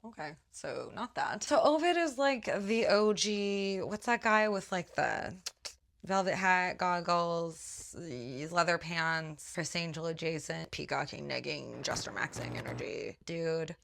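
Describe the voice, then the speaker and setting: A woman's voice: on the low side, unhurried, gravelly, a bit bright. A woman hosting a comedic monologue, riffing playfully with jokey asides that sometimes drop to a whisper. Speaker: host.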